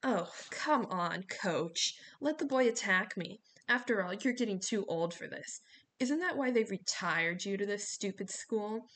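A woman's voice: medium pitch, lively intonation, a little slow, a bit bright. A woman playing a smug, mocking monster boy. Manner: mocking, sly. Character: smug teenage boy who is secretly a monster, sly.

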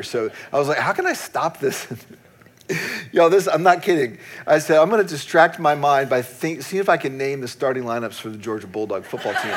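A man's voice: on the high side, slightly rough. A middle-aged man, a pastor, preaching a sermon and telling a personal story in a candid, self-deprecating way, often laughing at himself.

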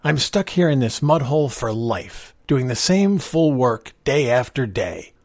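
A man's voice: medium pitch, sing-song, moderate pace, breathy edge, dry recording, studio quality, voice pushed up. A man voicing a young, despairing male bank clerk who speaks sullenly and bitterly. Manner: sullen, resentful outbursts.

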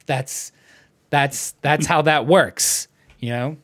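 A man with a slightly high voice takes his time as he hosts a laid-back podcast. Politics is the target of his animated rant, which is heavy on swearing and punctuated by regular laughs.

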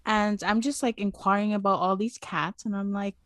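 A woman's voice: medium pitch, moderate pace, no echo, clean studio sound. A woman chatting casually on a podcast, acting out both sides of the exchanges she recounts. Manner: animated storyteller, acts out quoted exchanges. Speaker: podcast co-host. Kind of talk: casual chat, storytelling.

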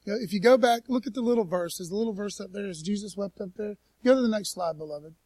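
Male pastor, high-pitched, relaxed folksy sermon delivery, dry recording. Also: fast, no room sound. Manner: folksy, peppered with "man" and "you know". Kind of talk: casual conversational sermon. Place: church.

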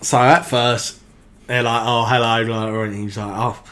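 A man, a podcast guest, telling anecdotes in casual chat, animated, swearing freely and laughing as he goes. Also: mid-range voice, a little slow.

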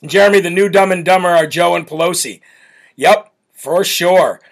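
He's a host from the United States running a political talk show, laughing frequently and mocking as he brashly reads live-chat comments from viewers. The voice is high-pitched, at a normal speed.

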